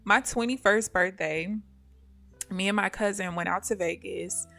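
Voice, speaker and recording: A woman live-streaming her day trading talks in a bright, forceful voice, chatting casually with her viewers. She tells stories with lots of energy and laughter while commenting on her trades. Faint music plays in the background. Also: mid-range voice, unhurried, gravelly. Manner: animated storyteller who addresses viewers as "y'all" and laughs often.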